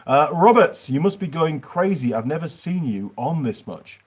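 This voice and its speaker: A man's voice: a little high, lively intonation, moderate pace, breathy edge. A middle-aged man with a Yorkshire accent, hosting a rambling livestream Q&A from his workshop. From Yorkshire, England. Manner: chatty, rambling, answers viewer questions. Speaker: mechanic channel host. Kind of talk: livestream Q&A chat.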